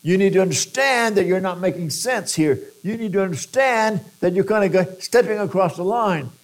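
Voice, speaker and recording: A man's voice: high-pitched, expressive, moderate pace, pitched above the performer's own voice. A man voicing exasperated family members who scold a relative for losing his mind. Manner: scolding, insistent.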